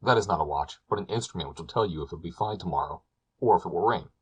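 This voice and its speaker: A man voicing a sly, glib wandering peddler with a foreign manner in a storybook reading, speaking with smooth, persuasive patter. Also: deep voice, racing.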